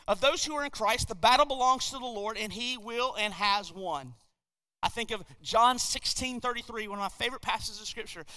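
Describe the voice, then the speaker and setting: A high-pitched man preaching from the pulpit. His tone is bright and forceful. He surges loud on key words and sinks to a hush between them, and a long hall reverb trails every phrase. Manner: preaching with sudden swells and drops in volume. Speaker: pastor. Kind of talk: sermon.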